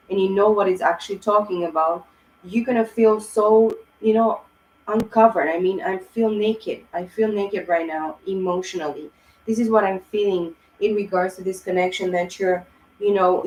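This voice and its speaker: A woman talks through a tarot reading in a rambling, heartfelt way, full of fillers and restarts. Her voice sits low and keeps a flat, even pitch. The echoey room carries a faint hiss behind her. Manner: rambling, emotional, many fillers. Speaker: tarot reader. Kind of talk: casual tarot reading monologue.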